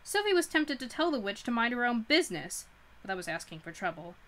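Brief: woman narrator, bright and crisp, reads aloud with frequent self-corrections. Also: on the high side, big pitch swings, fast talker. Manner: stumbling over words and correcting herself. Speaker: livestream book club host. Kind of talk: reading a novel aloud.

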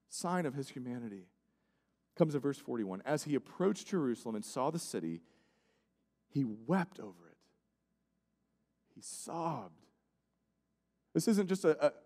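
A male pastor preaching a sermon, swinging between loud emphatic lines and hushed, quiet passages. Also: fairly high pitch, expressive, unhurried, pauses often. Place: church sanctuary. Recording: church sanctuary with long reverb.

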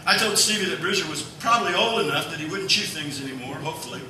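A male pastor preaching a sermon, telling a family story in a folksy, animated way. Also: a little high, fast, a little hiss or hum. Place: church sanctuary. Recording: echoey church hall from far off.

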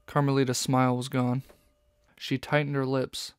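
A man reading an audiobook in steady, even scripted narration. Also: medium pitch, measured pace, clean tone, dry recording, clean studio sound.

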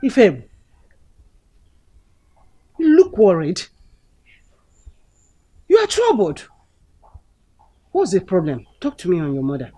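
A woman's voice: fairly low pitch, huge pitch swings, takes it slowly, pauses often, dark tone, slightly rough, heavily acted. A middle-aged woman with a Nigerian accent playing a caring mother who coaxes and soothes her son. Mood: soothing. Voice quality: soothing, coaxing. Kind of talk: film drama acting.

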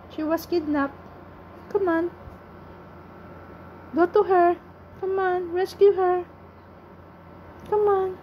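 Woman vlogger, very high and unhurried, sing-song coaxing of a pet. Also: muffled recording, slight background noise. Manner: sing-song, pleading and cheering. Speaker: vlogger talking to her pet. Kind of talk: coaxing baby talk to an animal.

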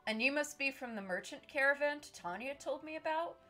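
A woman's voice: sits high, lively intonation, brisk, pushed and bright, pitched above the performer's own voice. A woman voicing an earnest young male mercenary commander in a game, speaking plainly and politely.

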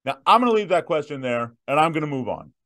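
A man in his thirties hosting a viewer Q&A, emphatic and direct, slowing down to stress his points. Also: fairly high pitch, very animated, a bit bright. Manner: emphatic, punchy repetitions, slows down to stress points. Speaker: host answering viewer questions. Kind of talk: direct-to-camera Q&A.

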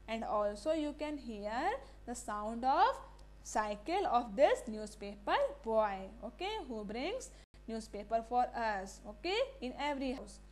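High-voiced teacher woman. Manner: asks the class questions and repeats key words; mixes Hindi phrases into English. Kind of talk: classroom lesson.

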